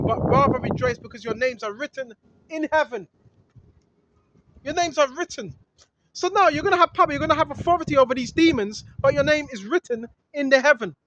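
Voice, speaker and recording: High-voiced emphatic preaching man. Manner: emphatic, repetitive, rising to shouts. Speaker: street preacher. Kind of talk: informal preaching and scripture reading. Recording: dull lo-fi recording with faint noise.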